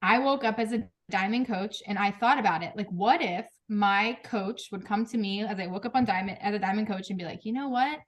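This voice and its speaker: A woman in her thirties speaking frankly and emotionally to her team on a group video call, with quick restarts and laughs. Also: mid-range voice. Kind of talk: candid motivational talk.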